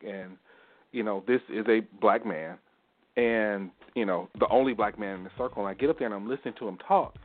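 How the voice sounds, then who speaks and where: A man co-hosting a casual panel talk show, telling anecdotes in a lively storytelling way. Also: lowish voice, fairly quick. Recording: tinny phone-like line.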